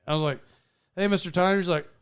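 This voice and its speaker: Man, podcast host, high voice, casual story, laughing, stumbling restarts. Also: fast talker, smooth. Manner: animated, laughing often, many restarts.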